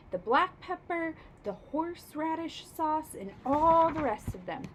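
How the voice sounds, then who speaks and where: A woman reading a children's storybook aloud with expressive narration. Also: high-pitched, slight background noise. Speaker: reader.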